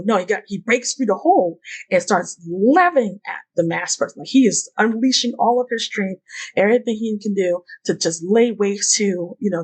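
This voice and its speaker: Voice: mid-range voice, breathy edge, rough recording. A YouTube host giving casual fan commentary, talking in a rambling way, with many fillers and the odd curse word.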